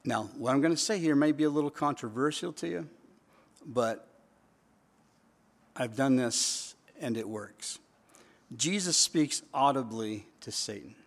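A man preaching, talking easily with his listeners and then pressing hard on short repeated phrases. His mid-pitched voice rings out with a long, hall-like reverb. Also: a little slow, long pauses. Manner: conversational preaching, rising to emphatic repetition. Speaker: pastor. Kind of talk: sermon.

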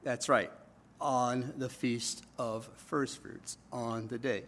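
A man preaching a sermon in a church, his voice sitting at an ordinary middle pitch. He talks to the congregation like a conversation and keeps checking in with them. He shifts between loud, emphatic bursts and quiet, low asides. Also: fairly even intonation, slow pace, a little hiss or hum. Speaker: pastor.

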